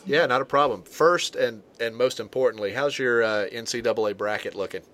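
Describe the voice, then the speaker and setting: A man hosting a casual sports talk show, talking in a halting way with many fillers and restarts. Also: mid-range voice, fairly bright tone.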